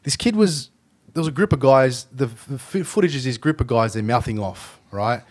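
A man's voice: medium pitch, normal speed. An Australian man hosting a casual podcast chat, swearing freely and acting out the voices in his stories. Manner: sweary, animated storyteller acting out quoted voices. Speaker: podcast host.

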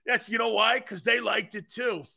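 There's vocal fry in this man's high voice as he hosts a sports talk show at a slightly slow pace. He trades sarcastic, teasing remarks with the live chat and laughs often. Animated throughout, he repeats words and keeps restarting.

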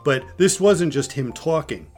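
An older man, a podcast host and grandfather, telling stories in a casual, animated way and often restarting his sentences. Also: fairly high pitch, a little slow, faint music behind. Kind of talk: casual storytelling chat.

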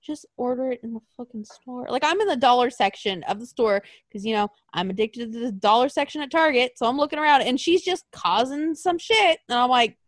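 A woman in casual chat, telling rambling, animated stories full of swearing. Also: on the high side, fairly quick, few pauses, no room sound. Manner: profane, rambling and animated storytelling.

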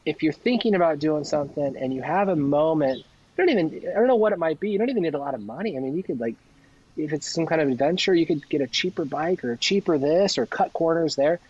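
A man's voice: on the high side, quick pace, slightly rough, muffled recording. A man, a podcast guest, telling stories casually and animatedly, acting out the lines people said to him. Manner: animated, acts out quoted dialogue. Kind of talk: casual storytelling.

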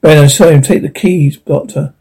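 A man's voice: a little high, fairly even intonation, normal speed, dark tone, breathy edge, poor audio. A man voicing a confused young sailor who stumbles over his words. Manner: hesitant, stumbling.

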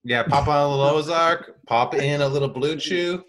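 A man's voice: fairly high pitch, moderate pace, a bit bright. A man co-hosting a casual podcast, joking around and reading ad copy loosely with fillers. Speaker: podcast co-host.

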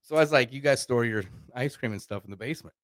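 A man from Arkansas, United States, speaks quickly in a medium-pitched voice on a dry recording. Chatting casually on a podcast, he tells a rambling, profane story and acts out the voices of the people he quotes.

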